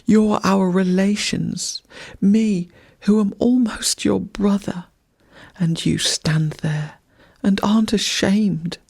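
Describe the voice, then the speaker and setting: A reader voicing a wounded male fox, proud and bitter, who pleads softly and then hisses with contempt, read as a bedtime story. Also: mid-range voice, steady tone, slow, gravelly, husky, voice pushed up, full character voice. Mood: contemptuous.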